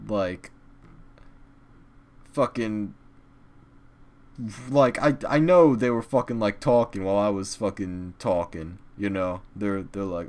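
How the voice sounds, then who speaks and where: Young male vlog host, low-ish voice, crude rambling rant, sudden loud bursts. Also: steady tone, slow, long pauses. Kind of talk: crude rambling comedic monologue.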